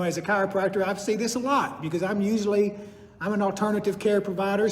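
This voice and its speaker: Earnest older man preaching in an echoey sanctuary. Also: high-pitched. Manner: folksy, earnest, personal storytelling. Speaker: chiropractor giving a church message. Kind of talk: sermon. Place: church sanctuary. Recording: echoey sanctuary with long reverb.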